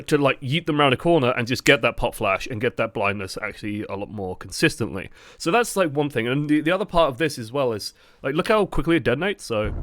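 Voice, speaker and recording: A man streaming and chatting casually about a game, animated and full of "like" fillers. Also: medium pitch, no echo, studio quality. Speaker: gaming streamer. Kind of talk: casual gaming chat.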